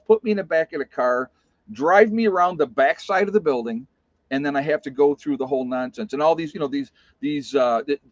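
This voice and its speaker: A man's voice: medium pitch, no echo. A man in his fifties telling a personal story in a rambling, casual way, full of "you know" and restarts. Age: 50s. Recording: dry, slightly dull sound.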